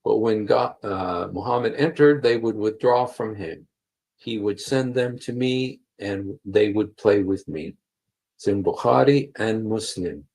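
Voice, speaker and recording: A man leads a live stream, reading texts aloud and stopping to press his points with repetition. His voice is on the low side and husky. He speaks slowly through a computer mic. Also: a little mellow, rough recording. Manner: emphatic, repeats key phrases, many fillers. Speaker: livestream host. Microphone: computer mic while streaming.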